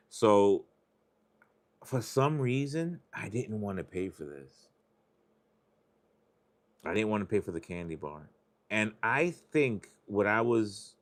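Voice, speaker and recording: Low-voiced rambling male streamer. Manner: rambling, confessional, swears freely. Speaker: live stream host. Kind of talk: casual chat while scratching lottery tickets.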